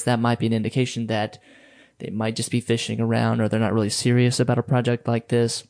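A man's voice: medium pitch, fairly even intonation, fast talker, gravelly, a little mellow. Chatty man coaching on sales. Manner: loose and chatty, many fillers and restarts. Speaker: podcast host coaching photographers on sales. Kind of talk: casual instructional talk.

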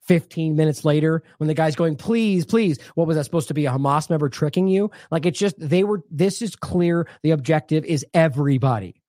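A man's voice: fairly high pitch, fairly even intonation, a little fast, few pauses, a little mellow, no room sound, studio quality. A man hosting an independent news show, delivering indignant, sarcastic commentary with heavy emphasis.

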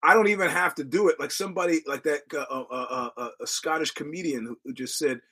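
A man's voice: fairly high pitch, fast, sharp tone, breathy edge, low-quality recording. A middle-aged American man hosting a podcast, rambling through stories with restarts, quoted voices and wry profanity. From United States. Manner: digressive storytelling with many restarts and quoted voices. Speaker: podcast host. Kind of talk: casual rambling monologue.

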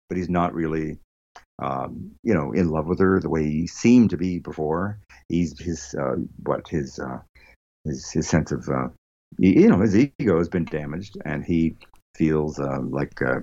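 Deep-voiced man reviewing films. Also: darkish tone, muffled recording. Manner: rambling, many restarts and fillers. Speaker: podcast co-host. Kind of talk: casual film review chat.

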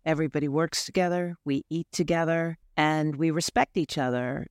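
An upbeat male podcast host with a smooth, resonant voice pitched a little high for a man. He affirms his guest and asks thoughtful questions, recorded dry and close. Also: fairly even intonation, normal speed, dry recording. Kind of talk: conversational interview hosting.

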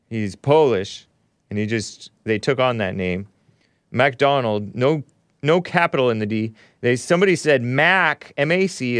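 A male talk radio host speaking into a close studio mic, his voice dry with no room sound around it. He reads out posts and answers them with scorn and sarcastic jabs. He drifts through rambling asides at a middling pitch. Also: clear, resonant tone, dry recording. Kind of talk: opinionated call-in radio talk.

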